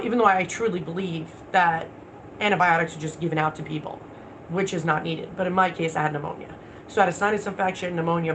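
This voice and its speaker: A woman's voice: lowish voice, background noise. A woman hosting a casual livestream, talking bluntly with plenty of swearing and answering viewer comments. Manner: blunt, profane, talks back to viewer comments. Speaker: livestream host.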